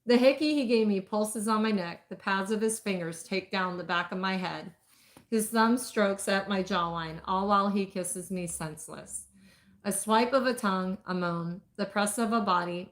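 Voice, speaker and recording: A woman narrates a first-person romance in an intimate, measured voice. Her pitch sits in the middle range. She reads at a steady storytelling pace. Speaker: audiobook reader.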